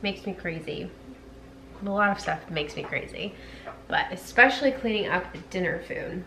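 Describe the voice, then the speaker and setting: A woman's voice: animated, moderate pace, vocal fry, pushed and bright, low-quality recording. Young woman, casual home vlog, rambling and chatty, fillers, faint background noise. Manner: high sing-song voice when calling her dogs. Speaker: vlogger.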